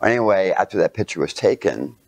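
A man giving a sermon through a childhood story, animated, sometimes dropping to a near whisper and putting rhetorical questions to his listeners. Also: deep voice, fairly quick, vocal fry, highs cut off, a little hiss or hum. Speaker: speaker.

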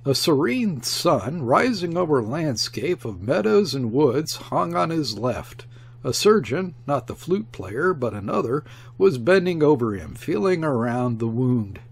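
A man narrating a classic novel as an audiobook, with a husky, slightly raspy tone and a gravelly edge. His delivery is animated, and his pitch rises and falls a lot as he reads. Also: measured pace. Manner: expressive, shifts tone for quoted speech. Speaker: audiobook reader. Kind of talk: scripted narration.

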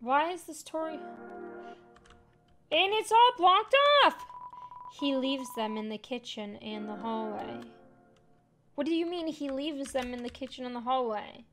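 A woman's voice: a little high, moderate pace. A woman hosting a let's play, chatting casually and playfully while reading game text aloud over game music. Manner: playful, reads game text aloud, calls viewers fam. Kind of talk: casual gaming commentary.

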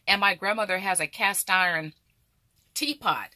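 A woman's voice: mid-range voice, normal speed, pushed and bright, no room sound, studio quality. A middle-aged woman vlogger chatting animatedly and directly to her viewers. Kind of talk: casual chat to camera.

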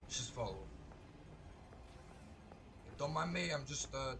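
A man commentating live on his gameplay, excitable and swearing, breaking into loud shouts and tossing out mock tough-guy mobster slang. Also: mid-range voice, moderate pace, long pauses, noisy background. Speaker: let's play host.

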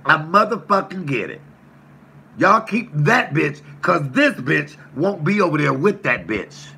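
A man hosts his own YouTube livestream in a heated rant, cursing at his chat and hammering emphatic, repeated lines before answering commenters. His voice is fairly high with big pitch swings, gravelly and slightly rough, with a sharp tone and a measured pace.

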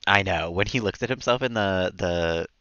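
A man's voice: low-pitched, moderate pace, pushed and bright, clear, resonant tone, no echo. A man streaming from home, coaxing his cat with baby talk and laughing often. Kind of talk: casual live-stream chat. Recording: dull dry sound.

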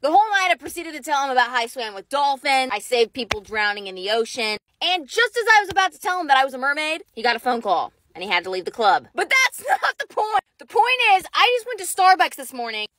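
A young woman telling a funny story about herself in an animated, dramatic way, with emphatic outbursts. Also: high voice, a little fast, dry recording. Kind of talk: comedic storytime monologue.

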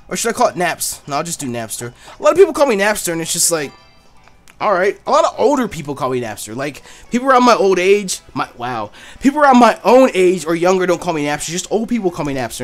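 Brief: profane male let's play host, animated, game music underneath. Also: high-pitched, quick pace. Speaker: gaming YouTuber.

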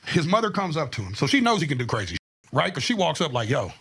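A man's voice: on the high side, big pitch swings, fast talker, fairly bright tone, husky. A man, a podcast guest telling stories in a jokey, profane way and acting out the dialogue. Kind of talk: casual storytelling on a podcast.

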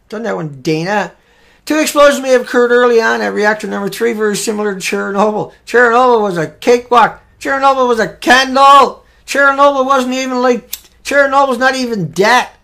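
A man hosting a live show, giving heated, emphatic commentary on news headlines with sudden loud bursts. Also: high voice, vocal fry.

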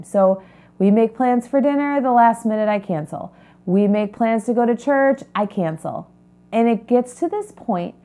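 A woman's voice: fairly high pitch, mellow. Earnest woman sharing her story. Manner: earnest, confiding, addresses viewers directly. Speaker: holistic health coach. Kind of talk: personal testimony to camera.

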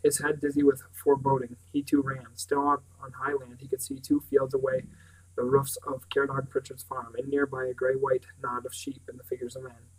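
A man's voice: medium pitch, completely flat delivery, brisk, husky, low-quality recording. A man reading a novel aloud as narrator, now and then stumbling and restarting words. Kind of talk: audiobook reading.

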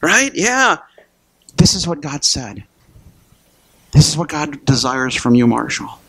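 A man's voice: a little high, sing-song, slow, gravelly, pushed and bright, a little hiss or hum. A male pastor preaching a sermon in a conversational way, speaking to members of the congregation by name and often repeating words as he starts a phrase.

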